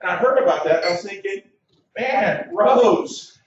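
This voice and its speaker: A man's voice: sits high, animated, rapid-fire. A man in his forties doing his first stand-up set. He tells stories with nervous hesitations and leads the crowd in chants. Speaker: comedian. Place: comedy club stage. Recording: echoey club heard from far off on a dull mic.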